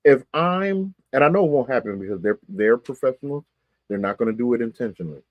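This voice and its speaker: A man's voice: mid-range voice, expressive, fast, no room sound, dull audio. A man co-hosting a live-streamed sports talk show, talking emphatically in colloquial speech and repeating phrases for effect.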